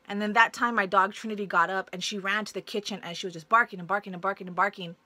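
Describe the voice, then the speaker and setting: A woman's voice: medium pitch, dry recording. A young woman casually telling a personal story to camera, blunt and profane, acting out the voices of people in it. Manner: blunt and profane, animated retelling. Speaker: vlogger.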